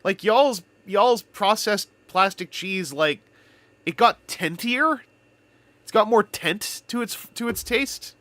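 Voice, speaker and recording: A man's voice: high-pitched, lively intonation, slow, pushed and bright, no echo. A man from Canada chatting casually on a live stream, telling rambling stories with playful wordplay.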